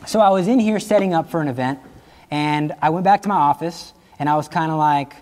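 A man's voice: fairly high pitch, a little fast, darkish tone. A male teacher giving an anecdotal class talk, telling stories with animation, laughing at his own jokes and acting out the people he quotes.

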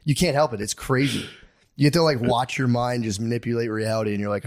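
A man in his own loose, rambling chat, swearing freely and jumping into animated voices when he quotes anyone. His voice sits at an ordinary middle pitch for a man. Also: fast talker. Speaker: comedian and podcast co-host. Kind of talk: casual comedic chat.

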